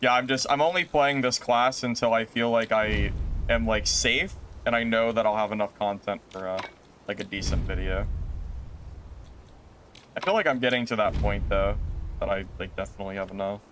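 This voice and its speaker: A man streaming a game live, chatting with viewers in an animated, exasperated way with sudden exclamations. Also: a little hiss or hum. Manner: animated and exasperated, quick exclamations with big pitch jumps. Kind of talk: live gameplay stream chat.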